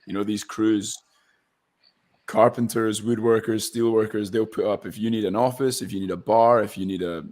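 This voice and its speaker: A young man from Scotland talks casually as a guest actor, with a slightly low voice. He rambles and restarts often, leaning on plenty of fillers. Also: fairly even intonation, normal speed, darkish tone. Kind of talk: casual interview chat.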